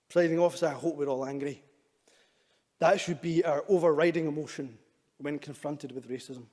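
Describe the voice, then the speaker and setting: A man's voice: fairly high pitch, steady tone, brisk, darkish tone. A man, a government minister giving an earnest, emphatic formal speech to parliament. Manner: earnest and emphatic, with repeated urging statements. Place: large debating chamber. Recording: long reverb of a debating chamber.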